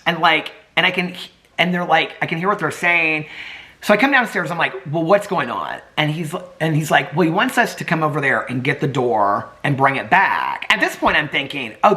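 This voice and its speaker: A man telling a story to his camera in a casual vlog, chatty and animated, laughing often and acting out the people he quotes. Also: on the high side. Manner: drops to a hushed whisper near sleeping dogs. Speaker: vlogger. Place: home.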